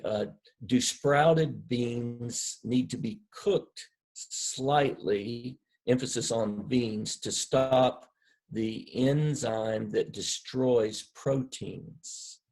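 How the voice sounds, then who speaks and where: A husky man moderates an online webinar, speaking slowly and deliberately with formal wording. His pitch sits in an ordinary middle range. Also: a little mellow, rough recording. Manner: measured, formal phrasing.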